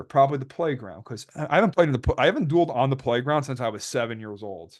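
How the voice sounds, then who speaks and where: His mid-range voice is animated and quick as he talks over his card game replays. The young man jokes and rambles through the story of a dispute, imitating others in put-on voices.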